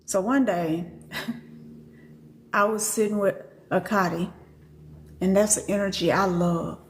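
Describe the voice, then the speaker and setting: A woman's voice: mid-range voice, steady tone, slow, slight background noise. An older woman teaching as a spiritual reader on a live stream. She speaks bluntly and animatedly, swears freely, and laughs often.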